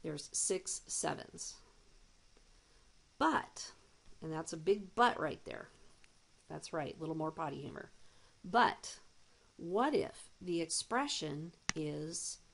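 A woman teaching math in an unhurried, measured way, counting things out one at a time. Her voice sits a little low and carries a gravelly edge. She drops in light jokes as she explains. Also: lively intonation. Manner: slow, deliberate explaining with playful asides. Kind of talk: recorded demo math lesson.

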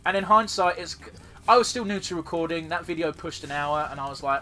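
A man's voice: on the high side, fairly quick, pushed and bright, soft background music. A man casually commentating his own gameplay as a let's play host, rambling and swearing freely.

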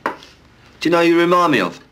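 An actor playing a sardonic young man who teases in a dry, deadpan way in a film drama. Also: a little high, brisk, clean tone. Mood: deadpan mocking. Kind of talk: 1980s film drama acting.

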